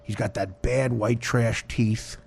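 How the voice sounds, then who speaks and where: A man's voice: medium pitch, steady tone, slow pace, creaky, a little mellow, slight background noise. A man hosting a podcast, telling a crude, mocking story as a comedic rant. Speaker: podcast host.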